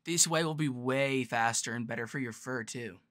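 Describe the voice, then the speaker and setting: A man's voice: mid-range voice, normal speed, a bit bright, no room sound, clean studio sound, lightly acted. A man voicing a laid-back young male surfer-bro swimmer who talks in an easygoing, teasing way. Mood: breezy teasing.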